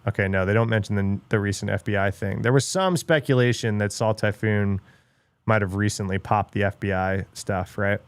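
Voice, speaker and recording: A man's voice: fairly low pitch, moderate pace, smooth, dry recording. A middle-aged man hosting a livestream, ranting bluntly in casual chat with lots of swearing and filler words. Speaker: livestream host.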